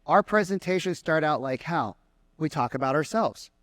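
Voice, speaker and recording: A man giving an energetic sales seminar to a live room, firing questions at the crowd. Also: on the high side, normal speed, dry recording. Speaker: sales trainer. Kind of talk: live seminar talk to an audience. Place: meeting room with an audience.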